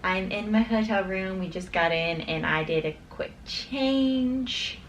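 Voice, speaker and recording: A young woman talking casually to camera as a flight attendant, chatty and excitable, with lots of "like" and "literally". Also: mid-range voice, takes it slowly, slight background noise. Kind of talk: casual vlog chat.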